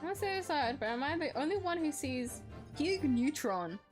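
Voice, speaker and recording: A woman's voice: sits high, animated, normal speed. A woman streaming a game live, reading the dialogue aloud and chatting, giggly and self-mocking. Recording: background music.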